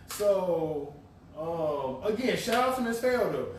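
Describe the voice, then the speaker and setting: Young man, casual podcast co-host, a bit high-voiced and animated, laughing and swearing through his stories, heard from off the mic in a very echoey room with faint background hiss. He talks as if he is among friends. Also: takes it slowly, recorded from a distance. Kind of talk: casual chat. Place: room recorded for a live stream.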